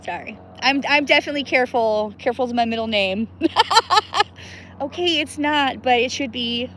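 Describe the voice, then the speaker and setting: Broadcasting live from a river outdoors, a woman from the US Pacific Northwest chats with viewers, giggles a lot, and greets them by name. Her voice is a little high and a bit bright, at normal speed, with a touch of hiss or hum.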